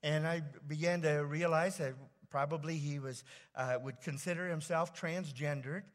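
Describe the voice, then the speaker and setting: A man preaching a sermon as pastor, telling a personal story in a halting, rambling way full of fillers and restarts. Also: a little high, steady tone. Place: church sanctuary. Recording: long church hall reverb.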